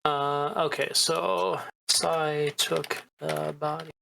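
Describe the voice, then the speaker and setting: A man's voice: on the high side, little pitch movement, takes it slowly, vocal fry, background noise. A man running a tabletop game as game master, talking casually with restarts and fillers.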